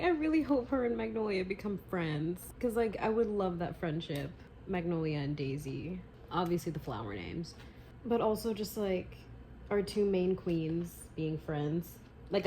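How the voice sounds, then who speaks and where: A young woman talks through her reading in a home vlog, her voice rising and falling in big swings. She speaks slowly and swears freely, from muttered asides to sudden outbursts. A faint hum of the room sits behind her. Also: lowish voice, rough recording. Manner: emotional, swearing, swings between quiet and loud outbursts. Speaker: book vlogger.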